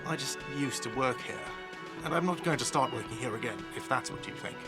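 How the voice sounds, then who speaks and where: A man's voice: mid-range voice, animated, a little fast, music in the background, natural voice. A man voicing a whiny, defensive cafeteria manager in a game dub. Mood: indignant. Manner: defensive, indignant.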